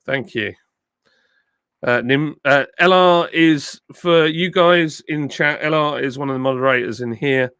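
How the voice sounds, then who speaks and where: A middle-aged man from the south of England, his southern English accent softened by years in the north, chatting casually on a live stream and reading out viewer comments. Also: mid-range voice, steady tone, measured pace, pauses often, clear, resonant tone, no echo, clean studio sound. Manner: chatty, thanking viewers by name, frequent ums and uhs. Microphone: phone with a plug-in mic.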